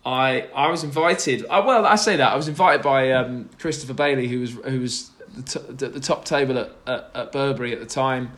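A man's voice: medium pitch, fairly quick, hardly any pauses, fairly bright tone. A young man, a podcast guest, telling stories in a rambling, self-deprecating way with lots of restarts. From Britain. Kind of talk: casual chat.

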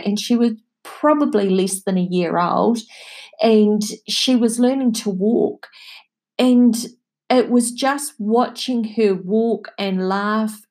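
A middle-aged woman hosting a podcast, sharing personal stories in a chatty, heartfelt way and laughing softly now and then. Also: mid-range voice. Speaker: podcast host. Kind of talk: reflective personal talk.

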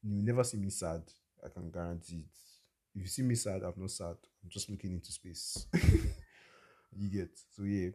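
Deep husky young man. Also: steady tone, normal speed, warm tone. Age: young adult. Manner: blunt and opinionated. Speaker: podcaster. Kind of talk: casual storytelling monologue.

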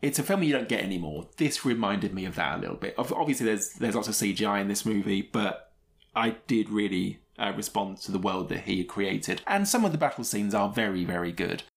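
His voice is on the low side and creaky, and he talks briskly and animatedly as a podcast co-host. He laughs a lot while sharing chatty, opinionated takes in a casual film review discussion.

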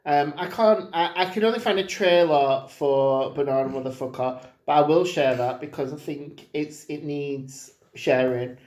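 A chatty co-host rambles through an anecdote, full of "um"s and restarts. The voice sits at a middle pitch. The recording carries a noticeable room echo. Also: moderate pace, hardly any pauses. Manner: rambling, animated storyteller with many fillers. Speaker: podcast co-host. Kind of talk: casual chat. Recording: roomy, echoey room sound.

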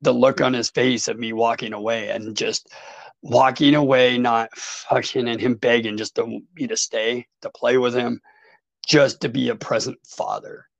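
A man with a gravelly, creaky voice, recorded close and dry with no room sound. He talks as a podcast guest, telling his addiction story in a raw, emotional way and swearing freely. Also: mid-range voice, steady tone, moderate pace, dry recording, low-quality recording. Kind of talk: candid recovery storytelling.

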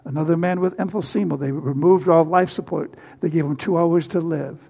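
An older man preaching a sermon with personal testimony, halting often with fillers and repeated words. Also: on the high side, steady tone, gravelly, warm tone.

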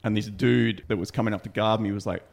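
A young man with a gravelly edge to his voice, telling stories in casual podcast chat. He swears freely and gets animated as he goes. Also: fairly low pitch, fast talker. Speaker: podcast co-host.

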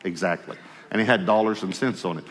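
Man preaching a sermon in a reverberant hall. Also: fast. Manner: animated storyteller, acts out dialogue, dropping low and quiet for God's voice. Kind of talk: sermon storytelling.

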